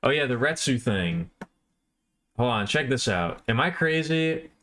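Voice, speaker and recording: A man's voice: mid-range voice, very animated, measured pace, a bit bright. A man livestreaming, rambling casually and poking fun at himself while chatting with his viewers.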